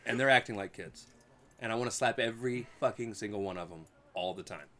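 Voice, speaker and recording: A man's voice: fairly low pitch, fairly quick, sharp tone. A man co-hosting a casual podcast, who gives blunt, opinionated takes and swears freely. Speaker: podcast co-host; parent. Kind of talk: casual chat.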